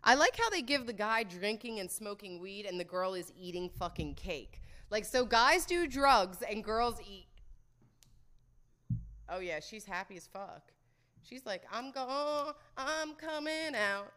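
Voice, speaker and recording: A woman's voice: medium pitch, sing-song, unhurried, sharp tone. A young woman chatting casually to her viewers, blunt and crude, swearing a lot and joking about herself. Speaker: solo vlogger. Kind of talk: casual monologue.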